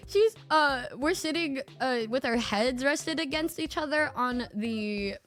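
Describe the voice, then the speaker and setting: A young woman streamer telling a story in a casual, excitable way, laughing often and swearing a lot. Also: high voice, unhurried, hardly any pauses.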